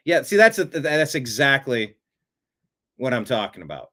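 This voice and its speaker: A man's voice: medium pitch, sing-song, moderate pace, bright, forceful tone. A male show host commenting on played clips in a casual, conversational way and reading out viewer comments.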